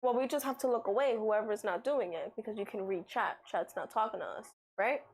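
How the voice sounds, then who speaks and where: A woman's voice: mid-range voice, fairly quick, darkish tone, low-quality recording. A young woman chatting casually on a livestream, explaining game rules with lots of fillers.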